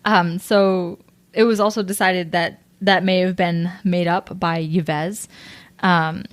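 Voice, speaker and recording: A woman's voice: on the low side, fairly even intonation, slow. A woman co-hosting a podcast, telling a true-crime case in casual chat from her notes, with hesitant fillers and a playful tone. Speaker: podcast co-host.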